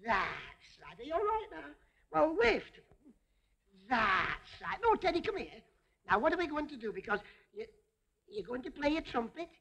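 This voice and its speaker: A woman with a high, lively voice that leaps up and down, playing a comic stage routine. She talks to a teddy bear as if it were a child, coaxing and fussing over it, and laughs often. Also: moderate pace, gravelly. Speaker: comic entertainer.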